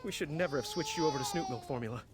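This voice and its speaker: A man's voice: fairly high pitch, rapid-fire, very noisy, lightly acted. A man voicing a flustered, clumsy young father king who fumbles and mocks himself, in video game voice acting. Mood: frazzled. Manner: fumbling, self-mocking, exclaiming. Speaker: game character.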